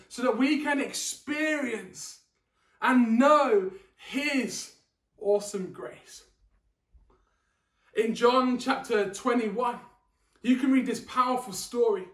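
A man with a strikingly high voice delivers an earnest sermon and presses his points home by repeating them. He sits back from the microphone, and his words ring through a reverberant room. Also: a bit bright. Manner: earnest, emphatic preaching with repeated phrases. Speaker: preacher. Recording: echoey room, mic at a distance.

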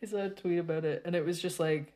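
A woman talking casually to her viewers in a rambling, exasperated rant full of halting restarts. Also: lowish voice, steady tone, warm tone.

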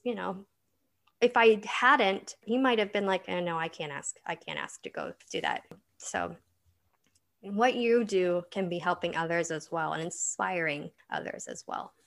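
A middle-aged woman, an author being interviewed, telling personal stories in an earnest, chatty way and laughing often. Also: mid-range voice. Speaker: author guest. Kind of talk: casual interview chat.

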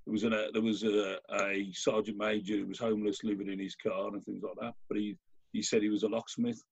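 Gravelly man telling stories. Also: fairly low pitch, fairly quick. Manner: animated storyteller, many restarts. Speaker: guest. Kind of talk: casual conversational anecdote. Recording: dull lo-fi audio.

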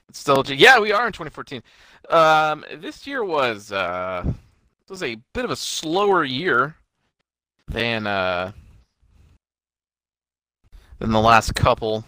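A man's voice: medium pitch, very animated, takes it slowly, pauses often, sharp tone, dry recording. A young man co-hosting a podcast from home, rambling and swearing in casual chat. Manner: swearing, laid-back rambling. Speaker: podcast co-host.

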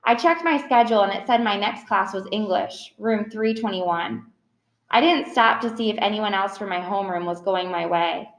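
A woman's voice: mid-range voice, normal speed. A woman narrating an audiobook in the first person, plain and earnest. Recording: roomy echo.

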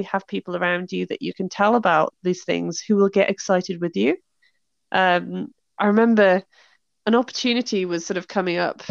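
A chatty British woman with a gravelly, slightly fried edge to her voice talks through a casual conversation, laughing often and acting out the reactions she quotes. The sound is dry and a little dull. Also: lowish voice, no room sound. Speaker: author and podcast host. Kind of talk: casual chat.

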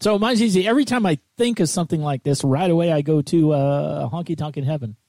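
A man's voice: fairly high pitch, fast, mellow, dry recording. A man hosting a casual chat, joking easily with his guests. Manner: jokey, easygoing banter.

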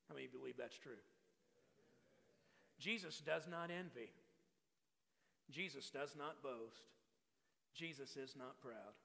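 Gravelly Texan preacher in a hall. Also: male voice, fairly high pitch, sharp tone. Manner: conversational, repeats words, asks the crowd to respond. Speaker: guest preacher. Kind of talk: sermon.

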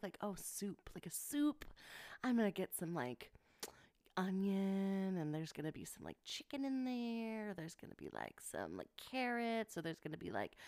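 Chatty young woman podcaster, smooth voice. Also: mid-range voice, no echo, studio quality. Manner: chatty, emotional, lots of fillers and giggles. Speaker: podcast host. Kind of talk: casual solo podcast chat.

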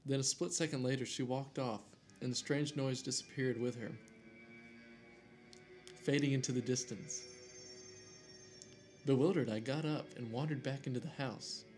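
A man's voice: mid-range voice, fairly even intonation, moderate pace, pauses often, a little mellow. A man casually reading a scary story aloud, cracking jokes and tripping over names, with faint music behind. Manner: reads aloud with jokey asides and stumbles over names.

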